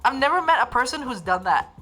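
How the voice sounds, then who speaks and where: Over background music, this livestream host, a young woman with a Northern Irish accent, talks quickly in a high, lively voice. She reads viewer comments and chats casually, giggling, rambling and restarting her sentences often.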